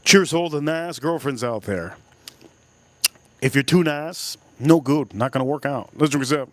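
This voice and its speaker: A man's voice: fairly high pitch, moderate pace, dry recording. Crude rambling man telling a story. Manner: crude, rambling, repeats himself for effect. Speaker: livestream host. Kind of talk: casual livestream storytelling.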